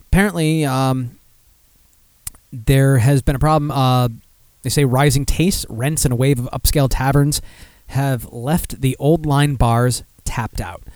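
Brief: male podcast host, mid-pitched, cursing and rambling, dry close mic. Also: steady tone, unhurried, darkish tone, dry recording. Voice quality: profane, rambling, self-mocking. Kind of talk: casual podcast chat and news reading.

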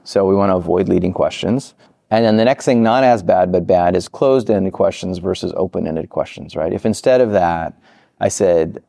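A man speaks quickly and lively as an interview guest, voicing people's reactions as he goes. His voice sits low with a warm, mellow tone. The sound is dry and close. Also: vocal fry, no echo. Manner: animated, acts out quoted reactions. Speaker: product management guest. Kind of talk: interview answers.

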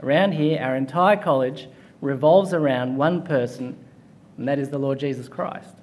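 A man's voice: mid-range voice, moderate pace, darkish tone. A man preaching a chapel sermon, telling a story with light humor before working through a passage.

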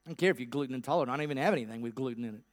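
A man's voice: very high-pitched, animated, normal speed, a bit bright, no echo. A sarcastic, fed-up poor widow snaps back in a dry, close voice, as a man puts her on. Her tone is blunt and scolding. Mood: scornful.

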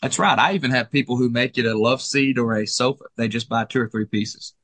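A man co-owning a furniture store, casually walking through the showroom and describing pieces in a relaxed, friendly sales manner. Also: mid-range voice, brisk, dry recording.

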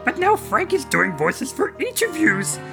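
A man's voice: very high voice, huge pitch swings, a little slow, gravelly, over music, full character voice. A man voicing a fretful, fussy male monster puppet character in a comedy podcast skit. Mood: worried.

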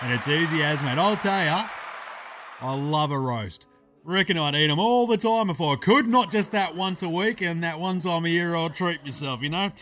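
A man's voice: on the high side, moderate pace, fairly bright tone, soft background music, voice pushed up, close to an everyday voice. A man putting on a brash, blokey male Australian TV cooking-show host with a broad ocker drawl, for a comedy cooking-show parody. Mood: boisterous.

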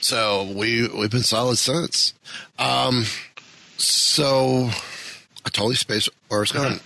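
Bright-voiced rambling podcast host man. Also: medium pitch, fairly even intonation, slow, vocal fry, no echo, low-quality recording. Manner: rambling, self-deprecating, loses his train of thought. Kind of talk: casual podcast chat. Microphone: studio podcast mic.

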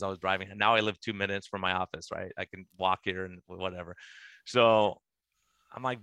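Fast-talking man with a bright, dry voice. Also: low voice, smooth, dry recording. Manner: animated, acts out quoted dialogue. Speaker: physician guest. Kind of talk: conversational storytelling.

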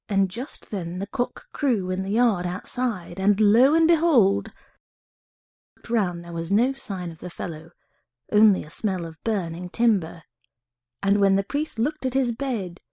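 A woman reading a short story aloud in an expressive first-person narration. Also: mid-range voice, measured pace, no echo, studio quality.

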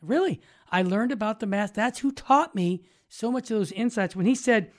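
A man's voice: sits high, normal speed, hardly any pauses. A man hosting a Catholic talk show, reading prayers aloud and eagerly affirming his priest guest. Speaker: host.

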